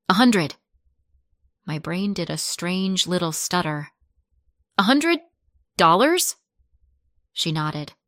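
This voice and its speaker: A woman narrating a scripted first-person family story in a measured, soft-spoken way. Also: fairly low pitch, no echo, clean studio sound.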